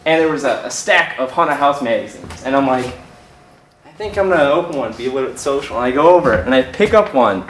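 Young male storyteller, lively delivery, echoey hall, distant mic. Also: medium pitch, fast talker. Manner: animated, laughing through his story. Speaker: storyteller on stage. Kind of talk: stand-up storytelling. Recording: echoey hall, mic from afar, audience noise.

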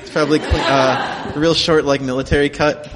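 A man's voice: a little high, steady tone, normal speed. Male emcee, casual joking banter, echoing hall, heavy noise behind. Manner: rambling, jokey. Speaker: host. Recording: hall reverb, loud noise.

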